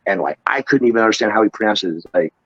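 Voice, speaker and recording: A man's voice: lowish voice, animated, racing, fairly bright tone, slightly rough, no echo, muffled recording. A man, a wrestler and trainer, telling stories in a casual interview, rambling with frequent restarts and casual swearing.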